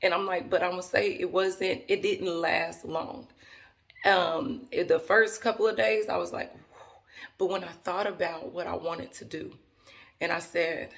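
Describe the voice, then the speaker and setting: A woman's voice: fairly low pitch, fairly even intonation, unhurried, vocal fry, a bit bright. A woman vlogger talking casually and earnestly to her viewers, rambling with frequent restarts as she speaks to them directly. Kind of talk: casual talk to camera.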